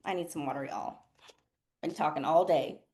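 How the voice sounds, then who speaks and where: Her voice sits low and her pace is moderate as this nurse coach runs a casual live session. She talks frankly with profanity, laughing frequently and acting out others' words in an animated way.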